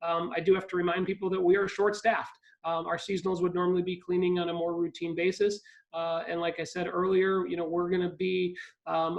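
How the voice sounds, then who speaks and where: A man's voice: sits high, vocal fry, low-quality recording. A man from Ohio speaking as a guest on a live video call, with frequent ums and restarts. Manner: hesitant, many ums and restarts. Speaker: park district CEO, guest speaker.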